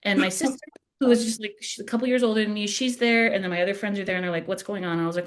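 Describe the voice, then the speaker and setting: A young adult woman hosting a podcast, telling a personal story in a casual, animated way, laughing at herself often. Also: mid-range voice, racing.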